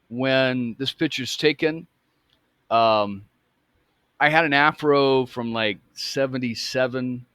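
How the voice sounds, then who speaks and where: A man's voice: mid-range voice, fairly bright tone, no room sound, studio quality. A man in his fifties telling a personal story in a casual, rambling way, often correcting himself. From United States. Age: 50s. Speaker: vlogger.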